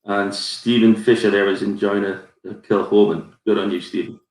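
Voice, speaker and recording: A man's voice: on the low side, flat delivery, moderate pace, a little mellow. A man with a Geordie accent hosting a live whisky tasting, rambling through his tasting notes with plenty of fillers. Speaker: whisky society ambassador. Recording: roomy echo.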